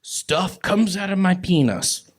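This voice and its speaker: A man's voice: sits high, expressive, slight background noise. A man doing rambling, absurd stand-up and banter on a comedy club stage with a handheld mic. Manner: drawling, rambling and absurd, slow and halting. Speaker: stand-up comic guest.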